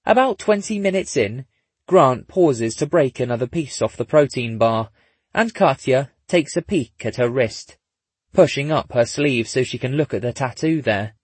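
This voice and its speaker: A man narrating a story in a husky voice, dropping in dry, wry asides. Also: medium pitch, expressive, normal speed, no echo. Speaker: audiobook narrator. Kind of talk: scripted narration.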